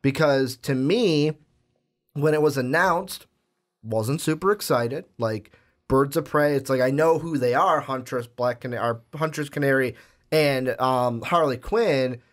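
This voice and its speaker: Speaking unhurriedly in a medium-pitched voice, a young man co-hosts a laid-back movie podcast. He goes on at length with many restarts and filler words, gradually working his way to pointed questions.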